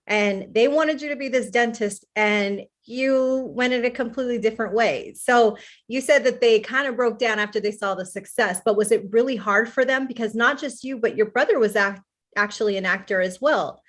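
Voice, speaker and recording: A woman's voice: on the high side, normal speed. A woman moderating a casual interview, asking questions and encouraging her guest with short affirmations.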